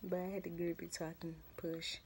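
A young woman, a new mother, telling a casual storytime vlog in a chatty, expressive, colloquial way. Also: on the low side, a little fast, slight background noise.

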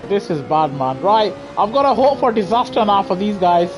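A high-pitched British man speaks at normal speed as he streams a racing game on a headset, laughing and grumbling in pretend outrage. Music plays underneath, and the highs are cut off.

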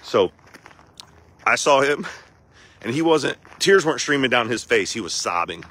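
A man, talking candidly and with feeling in a casual video diary recorded outdoors in the cold, with rough language. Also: mid-range voice, big pitch swings, moderate pace, fairly bright tone. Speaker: vlogger.

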